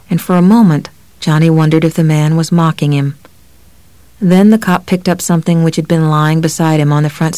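A man's voice: a little high, dry recording. Man narrating an audiobook, dry. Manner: steady, even storytelling.

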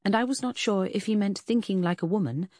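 A woman narrating a first-person audiobook in a measured, expressive way. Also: medium pitch, no room sound, studio quality.

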